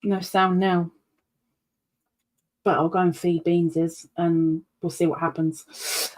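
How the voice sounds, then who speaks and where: A woman's voice: mid-range voice, unhurried. A woman hosting a live stream at home, chatting casually and rambling with frequent ums. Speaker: livestream host. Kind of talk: casual chat with live viewers.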